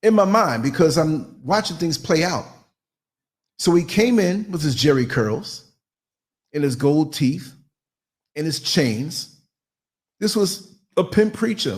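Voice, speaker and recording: A man spins a story on his live podcast show. His voice sits a bit high and swings widely in pitch, theatrical and full of acted-out sounds. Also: lively intonation, normal speed, vocal fry. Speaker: podcast host.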